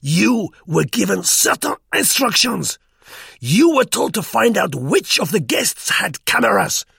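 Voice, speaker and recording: A man putting on a squeaky, irritable official. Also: creaky, fairly bright tone, husky, dry recording, studio quality, full character voice. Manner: shrill and scolding.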